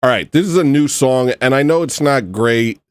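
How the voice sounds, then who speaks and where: A man's voice: mid-range voice, moderate pace, clear, resonant tone, dry recording. A man hosting a casual all-night radio show, joking and rambling and laughing at his own stories.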